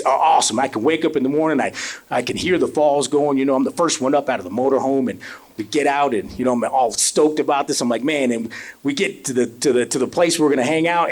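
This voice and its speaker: A middle-aged man from Colorado Springs doing a stand-up comedy set on a club stage, telling animated stories full of "you know" fillers. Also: mid-range voice. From Colorado Springs, USA. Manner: animated storytelling, lots of fillers. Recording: live club with crowd laughter.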